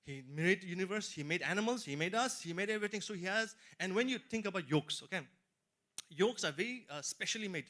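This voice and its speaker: A man's voice: high voice, animated, fast, pushed and bright. A middle-aged man preaching a sermon as earnest personal testimony, stressing key phrases and speaking directly to his listeners. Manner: earnest testimony, rising emphasis and repeated asides to listeners.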